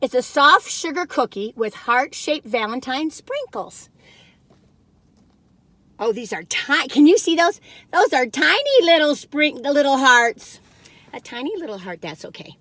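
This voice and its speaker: Bubbly high-voiced woman vlogging. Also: big pitch swings, a little slow, fairly bright tone, dry recording. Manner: bubbly, rambling, breaks into singing. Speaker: food review vlogger. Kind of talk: chatty cookie taste-test vlog. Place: inside a parked car.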